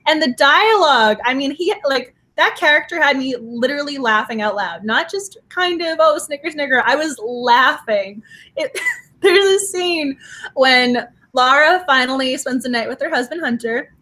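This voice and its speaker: Gushing, excitable woman co-host with a high voice for a book talk show. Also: moderate pace. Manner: gushing, laughs often, restarts. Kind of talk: casual book discussion.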